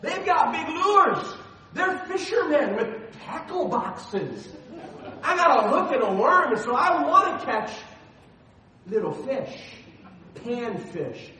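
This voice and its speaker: A middle-aged man preaching a sermon as the pastor, telling personal stories with animated, self-deprecating humor. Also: very high voice, slow, very echoey, recorded from a distance, low-quality recording.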